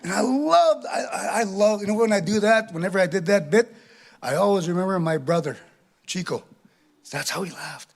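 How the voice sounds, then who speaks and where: A man doing stand-up storytelling at a live venue, animated, ending lines with a questioning "eh". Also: high voice, moderate pace, vocal fry. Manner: animated, tag questions with "eh", acts out laughs. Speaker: comedian.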